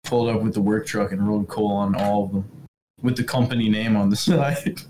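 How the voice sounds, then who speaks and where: A man's voice: lowish voice, fairly even intonation, fairly quick, background noise. A young man in casual podcast chat over a video call, blunt and bragging, swearing freely.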